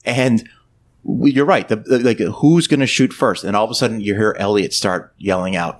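A man hosting a casual film podcast, retelling scenes with animated voices and plenty of swearing. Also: lowish voice, fairly quick, a little hiss or hum. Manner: animated retelling, acting out movie lines with swearing. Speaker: podcast host.

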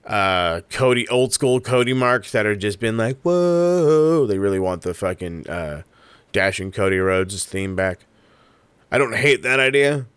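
A man's voice: lowish voice, clean tone, no echo. A man giving casual solo wrestling commentary into a close mic, swearing often and rambling through his ideas. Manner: profane, rambling, animated.

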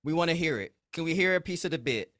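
A man's voice: a little high, expressive, quick pace, a bit bright. A man guesting on a podcast as interviewer, teasing the host and hurrying through set-ups. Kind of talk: casual podcast chat.

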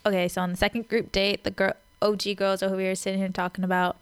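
A woman's voice: mid-range voice, flat delivery, fast talker, hardly any pauses, smooth. A woman co-hosting a casual chat, retelling scenes in a chatty way and acting out the quoted lines. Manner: chatty storyteller, acts out quotes with voices. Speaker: podcast co-host. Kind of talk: casual chat recapping a reality dating show.

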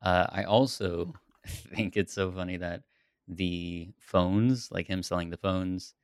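A man's voice: low voice, slow, clean tone, no echo, clean studio sound. A man co-hosting a podcast, chatting casually and laughing as he talks through a TV series. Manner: relaxed, laughs often, rambling. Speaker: podcast co-host. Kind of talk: casual chat about a TV series.

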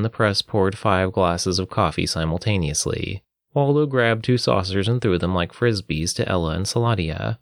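A man narrating a fantasy storybook at a steady, even pace. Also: fairly low pitch, no room sound, studio quality.

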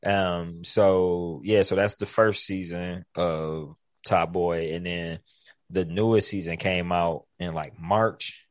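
A man with a very low voice talks through a loose, profane, rambling chat and gets animated in bursts. The sound is dry and close, with no room around it. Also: takes it slowly, no echo. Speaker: podcast co-host. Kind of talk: casual chat about TV shows.

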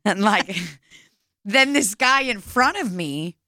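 Bright-voiced young woman, swearing storyteller. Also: mid-range voice, takes it slowly, no room sound, studio quality. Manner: animated, swearing, laughing through stories. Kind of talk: casual storytelling chat.

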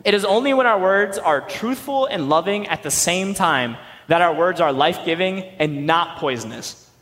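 Young male youth pastor, high voice, sermon, conversational and emphatic, reverberant hall. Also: lively intonation, normal speed, a bit bright.

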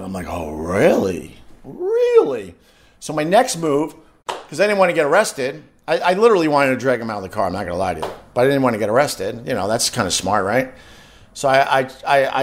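A man on a live stream, telling a story with lots of excitement and stumbling restarts. His voice sits a bit high for a man and swings up and down a lot as he gets worked up. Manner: excitable, acts out shouted quotes, frequent restarts. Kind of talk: animated casual storytelling.

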